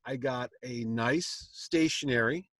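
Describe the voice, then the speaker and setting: Hosting a comic con panel, a man takes his time with a long, animated story told from the convention stage, slipping into the voices of the people he quotes. His pitch is middling, and the sound is dry and close with no echo.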